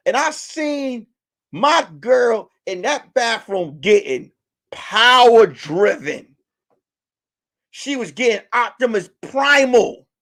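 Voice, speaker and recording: A man doing stand-up comedy, telling a profane, rambling story with sudden loud outbursts. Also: very high-pitched.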